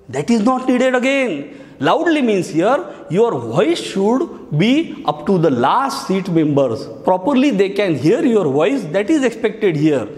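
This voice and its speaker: A man's voice: high-pitched, a little mellow. A male teacher giving a lesson on speech writing, explaining each step and repeating key phrases. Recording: echoey hall.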